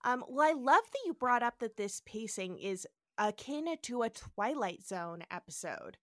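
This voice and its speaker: A woman co-hosting a casual podcast, animated and laughing as she tells trivia. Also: on the high side, moderate pace, dry recording, studio quality. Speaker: podcast co-host.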